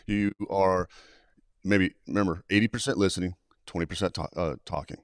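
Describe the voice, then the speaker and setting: A man's voice: deep voice, a little fast, clear, resonant tone, no echo, studio quality. A man who trains people in suicide prevention, talking as a guest on a live show and telling stories animatedly, acting out the dialogue. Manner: animated, acts out quoted dialogue.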